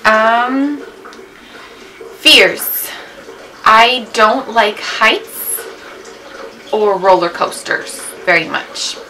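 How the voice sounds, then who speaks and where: A woman's voice: a little high, lively intonation, drawn-out words, long pauses, sharp tone, rough recording. A young woman in her twenties chatting casually at home in a vlog, rambling with lots of "like" and "um". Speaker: beauty vlogger. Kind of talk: casual chatty tag video. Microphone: camera mic.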